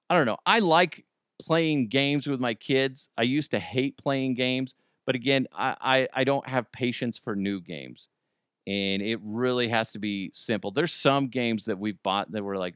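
A man's voice: medium pitch, expressive, normal speed, fairly bright tone, smooth, no echo, studio quality. A man from Colorado hosting a casual podcast, rambling and joking at his own expense. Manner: rambling, self-deprecating, jokey asides. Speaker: podcast host. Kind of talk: casual solo chat.

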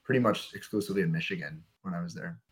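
A young man, a minor league pitcher, telling stories in a casual podcast interview with frequent fillers. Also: very fast, husky. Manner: relaxed, rambling storyteller with frequent fillers.

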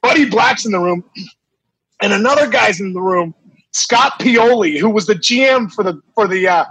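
A man in his forties, a former baseball player, telling a story in casual, animated talk with many fillers and restarts. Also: high voice, moderate pace, breathy edge, no room sound, rough recording.

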